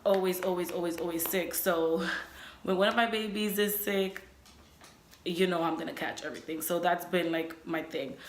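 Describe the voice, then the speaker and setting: A woman's voice: fairly low pitch, moderate pace, a little hiss or hum. A young woman telling a personal story to her vlog audience in a casual, chatty way, filling her talk with "like" and "you know.". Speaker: vlogger. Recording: echoey room.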